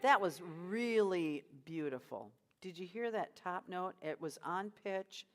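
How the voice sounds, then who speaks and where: Casting note: woman choir coach, animated pitch, upbeat and encouraging, faint music behind. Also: a little slow. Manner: encouraging, sings high vocal drills between instructions. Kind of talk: leading a choir rehearsal.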